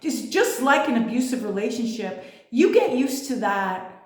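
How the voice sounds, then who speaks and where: A woman's voice: on the high side, very animated, normal speed, darkish tone. A woman giving a casual spiritual monologue, blunt and emphatic, swearing freely. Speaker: spiritual vlogger. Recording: echoey room.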